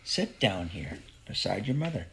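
A man voicing a calm, kindly woman doctor who speaks gently and reassuringly. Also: sits low, normal speed, gravelly, a little hiss or hum, pitched below the performer's own voice, exaggerated voice.

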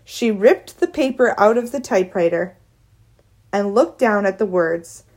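A woman reads a children's novel aloud at an unhurried pace. Her delivery is clear and steady, in the manner of a warm audiobook narrator. Her pitch sits in a normal middle range for a woman.

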